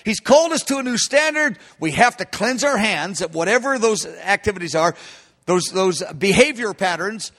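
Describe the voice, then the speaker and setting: A male preacher delivering an emphatic sermon. His voice sits very high and sounds bright and sharp. He often addresses his listeners as beloved. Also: expressive, normal speed.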